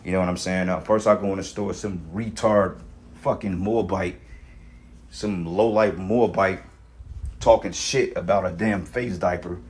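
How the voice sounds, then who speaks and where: A man's voice: deep voice, fairly even intonation, measured pace, a little mellow. A man ranting casually about religion and society in a blunt, profane, rambling way, full of street slang. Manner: street slang, frequent "you know what I'm saying". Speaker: religious vlogger.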